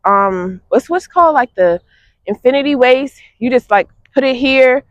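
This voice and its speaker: A young woman, chatting casually to her viewers in an animated way, laughing often. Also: high voice, moderate pace, no room sound, dull audio. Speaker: fitness vlogger. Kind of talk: casual vlog chat to viewers.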